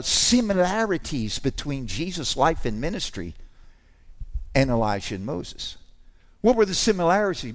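A man preaching a sermon, animated and informal, with asides and restarts, rising to shouts on key lines. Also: a little high. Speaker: pastor.

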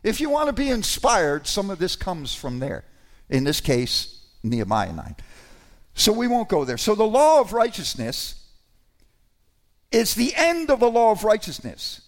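A man preaching a sermon to his congregation, conversational and animated, with sudden emphatic rises. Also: sits high, a little slow.

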